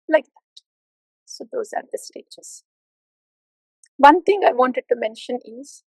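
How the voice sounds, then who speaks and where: High-voiced woman giving a devotional talk. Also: no echo, low-quality recording. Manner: playful, mimics complacent listeners with soft laughs. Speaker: spiritual teacher.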